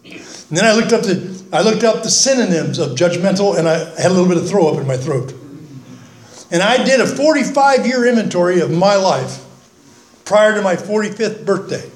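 An older man giving a folksy, earnest talk at a recovery meeting, with self-mocking humor. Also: sits high. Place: meeting room, speaking from the front. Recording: echoey meeting room.

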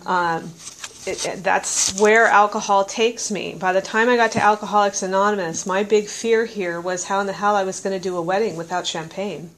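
A woman's voice: mid-range voice, slight background noise, rough recording. A woman sharing her personal story at a recovery meeting, candid and self-mocking, laughing often and restarting her sentences. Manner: halting, with many restarts and fillers. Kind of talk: personal testimony to a live audience. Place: meeting room with an audience.

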